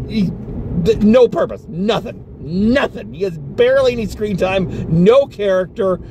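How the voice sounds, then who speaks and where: A man delivers a casual movie review from the seat of a car, his voice pitched high and leaping around with exasperation. He rants and swears freely, sounding worked up. A faint hum of road noise sits underneath. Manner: exasperated, animated ranting with swearing. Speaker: film reviewer. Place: inside a car.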